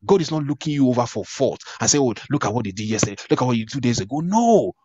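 A man's voice: medium pitch, racing, darkish tone, dull audio. A man preaching a sermon, emphatic, with repeated phrases and frequent restarts. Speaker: pastor.

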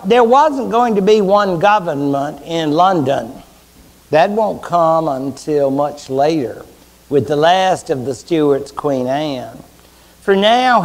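Man, Southern US accent, history lecturer, high voice, wry rhetorical questions. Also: a little mellow. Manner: chatty and wry, asks the class rhetorical questions. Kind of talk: university lecture.

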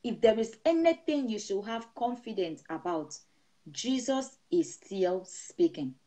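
A woman's voice: medium pitch, animated, a little slow, warm tone. A middle-aged woman pastor preaching a sermon over an online broadcast, speaking in an emphatic, repetitive blessing cadence. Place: seated indoors.

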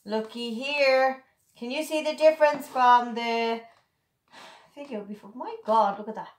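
A woman pitches her own product straight to camera in a breezy, playful chat. Her voice sits slightly high, and the room gives it a noticeable echo. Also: moderate pace. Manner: chatty, playful and upbeat, addressing viewers as girls. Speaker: online seller demonstrating her product. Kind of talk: casual sales demonstration to camera. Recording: echoey room.

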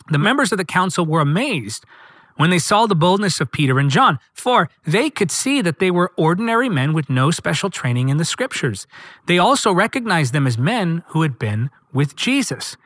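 Man, preacher, sermon, emphatic repetition, higher voice, very animated pitch, dry close sound. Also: moderate pace, dry recording. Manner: emphatic, repeats phrases for punch; reads scripture aloud with dramatic emphasis. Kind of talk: sermon teaching with scripture reading.

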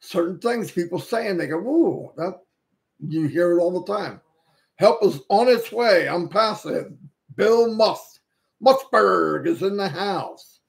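Gravelly high-voiced man greeting viewers. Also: expressive, unhurried. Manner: reads out viewer names and welcomes them, stumbles on names. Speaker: livestream host. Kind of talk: casual livestream shout-outs. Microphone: headset.

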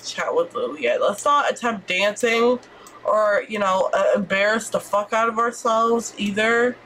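A woman streamer giving excitable let's-play commentary, squealing and swearing as she reacts. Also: medium pitch, a little slow, a little hiss or hum.

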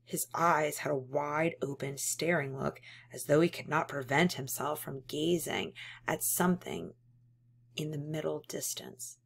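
A woman reading a novel aloud in a measured, steady narration. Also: sits low, vocal fry, breathy edge. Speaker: audiobook reader.

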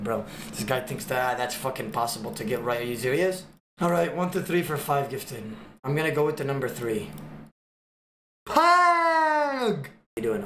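A man livestreaming, joking with his chat in loud, swearing banter. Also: medium pitch, echoey room, a little hiss or hum.

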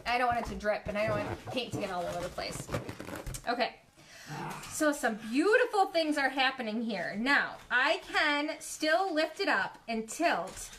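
Excitable high-voiced woman painting live. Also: normal speed, slight background noise. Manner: chatty, giggly, easily excited, talks to viewers. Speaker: art studio host. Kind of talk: live craft demo chat. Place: home studio, dogs in the house. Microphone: live stream from a phone or camera.

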